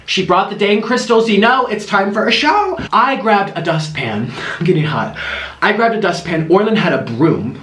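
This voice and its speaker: Animated, high-voiced young male storyteller. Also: reverberant, low-quality recording. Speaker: vlogger. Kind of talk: storytime while eating.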